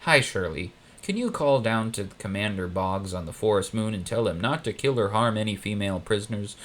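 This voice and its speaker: A man's voice: fairly low pitch, a little fast, pitched below the performer's own voice, lightly acted. A man voicing a smug, scheming old emperor who gloats casually. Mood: gloating.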